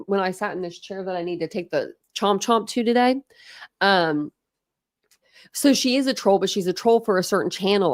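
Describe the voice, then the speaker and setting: A woman in her thirties chatting casually with viewers on a livestream from home, frank and quick to laugh, thanking commenters by name. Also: mid-range voice, no echo, studio quality. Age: 30s. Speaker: livestream host. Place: home, indoors.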